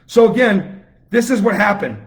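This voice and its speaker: A man's voice: high-pitched, lively intonation, normal speed. A man delivering an impassioned live-stream rant, with fiery, repetitive, emphatic outbursts. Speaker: political commentator on a live stream. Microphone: phone or webcam, self-recorded.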